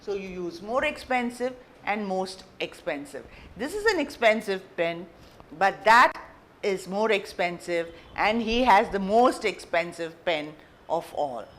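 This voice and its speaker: A woman teacher explains grammar without a script, her pitch moving lively up and down. She talks in a chatty way, restating points and pausing on fillers as she goes. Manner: chatty, repeats and rephrases, many fillers. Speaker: English teacher. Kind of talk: unscripted classroom explanation.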